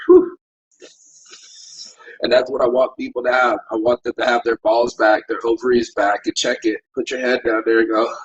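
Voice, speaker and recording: Brief: middle-aged male streamer, husky mid-pitched voice, loose and preachy with plenty of swearing. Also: rough recording. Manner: rambling, profane, preachy pep talk; vaping while talking. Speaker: livestream host. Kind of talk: motivational morning livestream.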